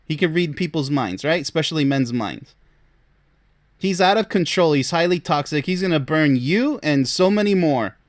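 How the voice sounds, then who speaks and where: A man, a relationship coach, reacting to a case with scolding, incredulous commentary and laughing between remarks. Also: on the high side.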